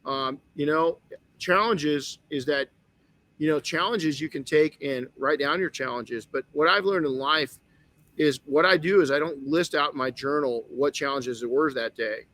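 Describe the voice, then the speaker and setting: A man's voice: a little high, normal speed, fairly bright tone, dry recording. Earnest middle-aged man telling a story. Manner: earnest, storytelling, with frequent restarts. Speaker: podcast host. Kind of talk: motivational podcast talk.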